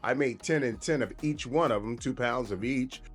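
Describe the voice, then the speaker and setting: A man's voice: medium pitch, moderate pace, slightly rough, faint music behind. A man hosting his own cooking video, chatting casually and repeating himself while he shows the dish. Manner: relaxed, chatty, repeats and restarts phrases. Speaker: cooking show host.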